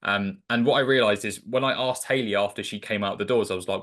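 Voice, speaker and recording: A man's voice: fairly low pitch, quick pace, fairly bright tone. A man talking through sales advice in a loose, chatty way, telling stories with lots of filler words. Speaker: sales coach guest. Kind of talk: casual conversational storytelling.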